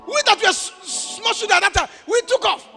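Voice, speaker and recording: A man with a Nigerian accent preaching a sermon, animated and telling a story with shouts and quiet passages. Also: very high-pitched, a little fast, vocal fry. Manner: animated, shifting between shouts and murmurs. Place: church hall. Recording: reverberant church hall with faint music.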